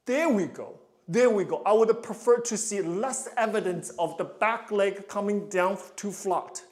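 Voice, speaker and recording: High-voiced man coaching ballet. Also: measured pace. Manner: counts rhythm aloud, sings da da cues, loud encouraging calls; explanatory, asks "you understand?". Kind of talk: live coaching session.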